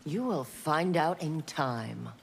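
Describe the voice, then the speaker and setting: A woman's voice: low-pitched, lively intonation, takes it slowly, vocal fry, a little hiss or hum, exaggerated voice. A woman voicing a cool, confident female cyborg commander with a Nigerian accent, speaking in cryptic hints.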